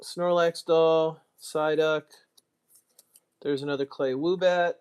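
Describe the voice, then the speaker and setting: A man's voice: a little high, fairly even intonation, slow pace, a little mellow, clean tone. An American man chatting casually on a live stream, muttering asides and mocking himself as he goes. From United States. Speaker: streamer, card collector.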